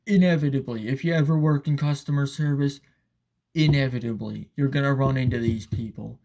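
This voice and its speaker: A man's voice: medium pitch, fairly even intonation, fairly quick, a little mellow. A man giving a casual, profane, sarcastic rant as commentator, often asking "all right?".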